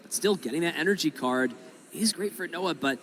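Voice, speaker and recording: A man's voice: on the high side, animated, a little fast, a little hiss or hum. A man commentating a live card game match, talking through each play in analytical detail. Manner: analytical, explains plays at length.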